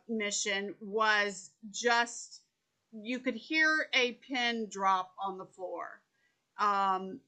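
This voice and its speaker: Middle-aged woman from south texas on a panel, slow careful talker, bright forceful voice, soft remote mic. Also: fairly high pitch. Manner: measured, deliberate speaker who repeats words as she starts. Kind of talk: panel discussion over video call. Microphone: soft remote microphone.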